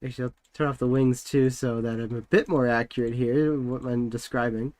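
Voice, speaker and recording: A man's voice: mid-range voice, fairly even intonation, fairly quick, a little mellow, no echo. A young man streaming from home, chatting casually and rambling with lots of filler words while he works.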